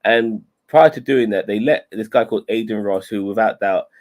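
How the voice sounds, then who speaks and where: A man's voice: on the low side, moderate pace, darkish tone. A man co-hosting a casual podcast chat, hesitant and sweary, with many stammered restarts. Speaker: podcast co-host.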